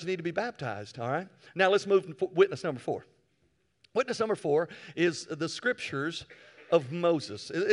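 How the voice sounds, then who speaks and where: Animated preacher man telling a story. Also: fairly high pitch. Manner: storytelling, animated, swings from quiet asides to shouts. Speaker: pastor. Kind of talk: sermon.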